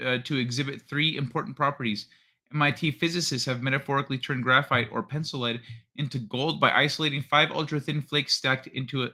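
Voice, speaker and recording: A man's voice: medium pitch, bright, forceful tone. A man hosting a livestream, chatting casually, swearing and stumbling as he reads news aloud. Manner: swears, stumbles over read text. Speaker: livestream host.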